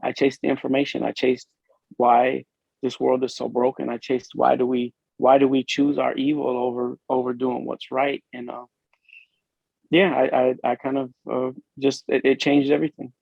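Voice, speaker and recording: A man from Illinois who works as a police officer, giving an earnest, emotional personal testimony in a podcast interview, with halting, restarting speech. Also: medium pitch, flat delivery, vocal fry, darkish tone, slightly rough, no echo. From Illinois, USA. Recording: dull lo-fi dry recording.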